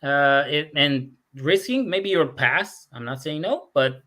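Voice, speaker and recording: A man's voice: on the high side, expressive, slow, bright, forceful tone. A man with an American accent hosting a casual interview, asking questions and joking between them. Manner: chatty, joking, asks questions. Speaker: host.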